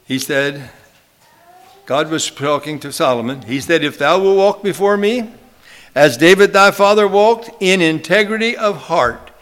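A man delivers a sermon in a high voice, quoting scripture in old-fashioned phrasing. He slows right down on key phrases and leads his listeners in call-and-response. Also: fairly bright tone. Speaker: preacher.

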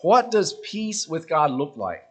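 A man preaching a sermon, earnest and questioning, letting his voice drop softly at the ends of phrases. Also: fairly high pitch, big pitch swings, a little slow, slightly rough.

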